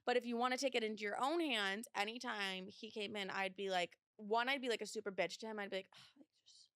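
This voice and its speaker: A woman's voice: mid-range voice, steady tone, fast talker, a bit bright, clean tone, no room sound, clean studio sound. Blunt young woman podcast host. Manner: blunt, swears freely, many fillers. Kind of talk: casual advice podcast.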